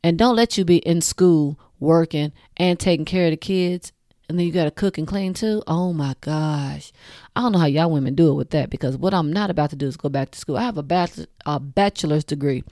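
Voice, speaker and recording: Brisk and deep-voiced, this woman in her forties hosts her show with a mellow tone, clean studio sound, and no room echo. She talks frankly and casually to her audience, cursing liberally and cracking herself up.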